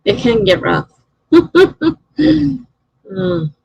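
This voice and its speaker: Middle-aged woman rambling on her livestream, gravelly and kinda husky, laughs a lot, greets chat. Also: on the high side, very animated, extremely slow, a little mellow, no room sound, dull audio. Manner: chatty, answers chat messages, laughs often. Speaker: live streamer and writer. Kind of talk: casual live-stream chat.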